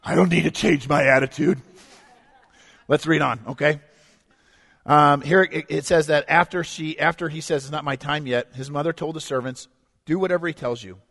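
A man preaching a sermon as pastor, swinging from hushed to loud and emphatic and acting out quotes. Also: on the high side, steady tone, normal speed. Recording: long echo of a large hall.

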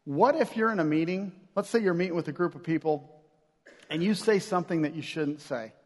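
A man's voice: fairly high pitch, brisk, a little hiss or hum. A man preaching a sermon as pastor, in a casual, conversational way with slang and acted-out asides. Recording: long hall reverb.

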